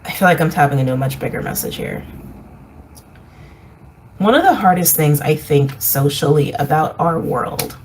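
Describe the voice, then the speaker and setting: Woman with a lowish voice doing a chill spiritual reading, rambly and repeating stuff, bit of hiss behind. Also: lively intonation, moderate pace, long pauses, low-quality recording. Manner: meandering, repetitive, reflective with soft laughs. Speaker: intuitive reader. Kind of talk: casual spoken reading.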